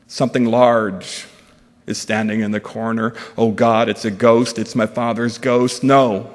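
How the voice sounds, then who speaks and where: Man reading his prose in a reverberant hall. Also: mid-range voice. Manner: slow, measured, often dropping to a hushed voice. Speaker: guest speaker. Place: large event hall at a fundraising breakfast. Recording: long reverb of an event hall.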